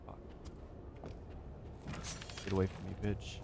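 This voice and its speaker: A man's voice: fairly low pitch, moderate pace, creaky, noisy background. A young man rambling through a let's play, self-mocking and swearing as he gets lost. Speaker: gaming YouTuber. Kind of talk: casual let's play commentary.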